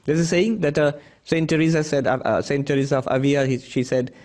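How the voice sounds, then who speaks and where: This monk's voice is fairly high with a darkish tone, and he speaks quickly. Giving a spiritual talk, he chuckles his way through many anecdotes and restarts frequently.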